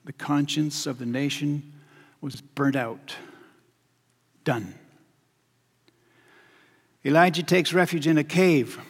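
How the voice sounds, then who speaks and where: Gravelly-voiced man preaching a sermon. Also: on the high side. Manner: measured, repetitive, dropping to quiet emphasis. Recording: long hall reverb.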